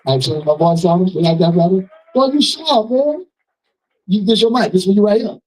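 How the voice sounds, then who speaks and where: A man emceeing a live fundraiser, with a mellow, dark voice set a bit high for a man. He riffs loosely and calls out to the crowd like a preacher. The sound comes from some distance off the mic. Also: lively intonation, moderate pace. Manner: loose, preacher-like riffing with call-outs to the audience. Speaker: event host. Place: live event hall.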